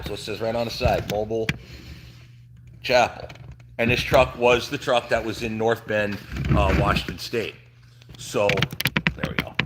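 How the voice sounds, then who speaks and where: A man's voice: fairly low pitch, noisy background. A middle-aged man from New Jersey chatting casually on a livestream from his truck shop, rambling with lots of fillers and restarts. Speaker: trucking channel host.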